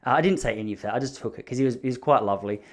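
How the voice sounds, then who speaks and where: A man's voice: mid-range voice, very fast. An Australian man hosting a podcast, telling stories in a casual, rambling, self-deprecating way. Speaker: podcast host. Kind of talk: casual storytelling monologue.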